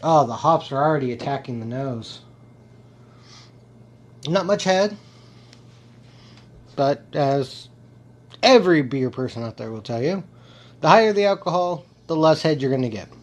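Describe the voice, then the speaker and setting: Man, beer tasting vlog host, slightly high voice, unhurried, playful, theatrical. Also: animated. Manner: playful, theatrical, savoring each sip aloud. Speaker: beer reviewer. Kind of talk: casual beer tasting review.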